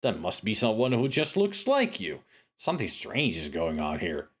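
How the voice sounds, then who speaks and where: A man commenting on an old adventure game as he plays. He reads the game's text aloud and adds wry, casual remarks. His pitch swings in a lively way. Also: moderate pace. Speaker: let's play streamer.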